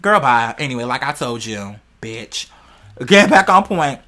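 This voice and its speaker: A vlogger rambling on camera to viewers, high on cannabis, playful and heavily profane. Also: expressive, a little slow, sharp tone. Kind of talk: casual rambling vlog monologue.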